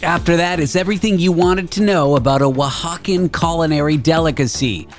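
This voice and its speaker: Jokey higher-voiced male talk show host. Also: fairly quick, soft background music. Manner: jokey, playful banter. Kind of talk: casual radio talk show.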